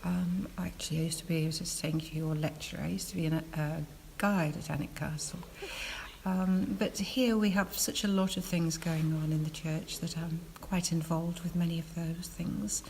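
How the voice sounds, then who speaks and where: An older retired woman answering interview questions casually, hesitant with many pauses and self-corrections. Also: on the low side, steady tone, a little mellow, slight background noise.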